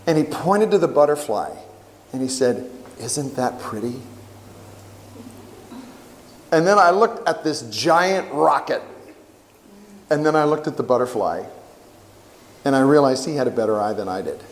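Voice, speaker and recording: A middle-aged man giving a storytelling sermon as a camp worship speaker, animated and acting out the quotes. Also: a little high, moderate pace. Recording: long hall reverb.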